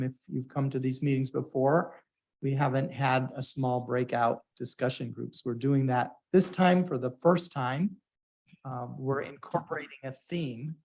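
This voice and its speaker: Male conference moderator, casual storyteller, middle pitch, easygoing and chatty. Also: a little mellow. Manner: chatty storytelling with fillers, playful quoted voices. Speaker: meeting organizer and moderator. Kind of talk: conference talk to a live audience. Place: hybrid conference meeting room.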